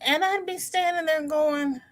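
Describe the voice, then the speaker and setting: A woman's voice: sits high, measured pace. A middle-aged woman hosting a casual crochet livestream, chatting with viewers, telling stories and laughing often. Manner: animated storyteller, laughs often. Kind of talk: casual livestream chat, reading viewer comments.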